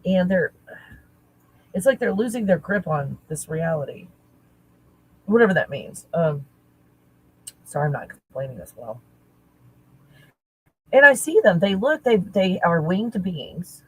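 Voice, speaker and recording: A woman talking casually as a spiritual teacher, halting and searching, correcting herself often. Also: lowish voice, big pitch swings, a bit bright, breathy edge, low-quality recording. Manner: halting, searching, self-correcting with nervous laughs. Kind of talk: casual channeling talk.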